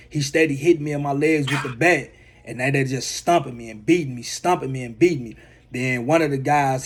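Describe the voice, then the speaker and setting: A man's voice: fairly high pitch, husky. A man, a motivational speaker, telling a personal testimony and repeating phrases for emphasis.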